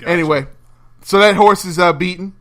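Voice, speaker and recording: A man co-hosting a casual podcast chat, animated and acting out incredulous quotes with laughs. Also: high-pitched, normal speed. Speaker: podcast co-host. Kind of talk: casual chat over a phone call.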